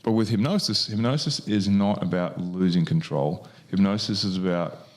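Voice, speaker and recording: Deep-voiced man rambling casually. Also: normal speed, a little mellow. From Australia. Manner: rambling, many fillers and restarts. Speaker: podcast co-host, hypnotist. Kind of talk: casual podcast chat.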